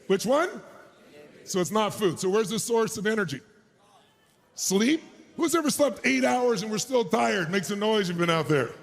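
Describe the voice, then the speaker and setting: A middle-aged man speaking as a motivational speaker at a live keynote, loudly firing up the audience. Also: sits high, animated, moderate pace, vocal fry. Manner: loud, crowd-rousing, hype-driving, shouting bursts. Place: large conference stage before a live audience.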